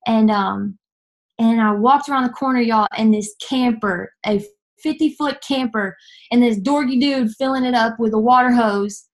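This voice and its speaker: A young woman from Nashville, giving an earnest personal testimony that halts and restarts often. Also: fairly high pitch. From Nashville, Tennessee. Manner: earnest, halting, many fillers and restarts.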